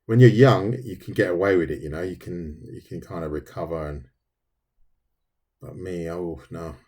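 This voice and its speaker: A man's voice: sits low, normal speed, a little mellow, slightly rough. A middle-aged man, chatting casually with viewers on a livestream while he draws. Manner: chatty, talks to viewers, says "mate" often. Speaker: livestreaming artist.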